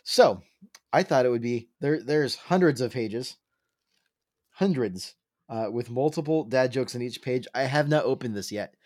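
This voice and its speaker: A man's voice: medium pitch, lively intonation, unhurried, darkish tone, no room sound, studio quality. A young man co-hosting a casual podcast chat, joking and punning. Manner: joking, punning, self-deprecating. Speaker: podcast co-host.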